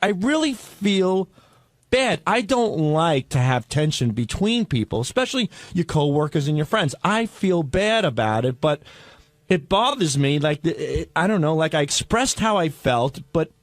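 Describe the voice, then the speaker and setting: A man's voice: a little high, a little slow, no echo. A man with a New York accent, a radio show regular, talking defensively and acting out quotes in casual studio banter. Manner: defensive, excitable, acts out quotes.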